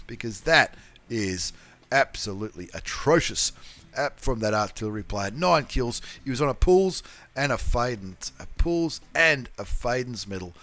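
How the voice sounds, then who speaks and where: Commentating game replays for his channel, a man with a mid-range voice talks in a slangy, conversational way. Every so often he erupts into excited yelling and curses.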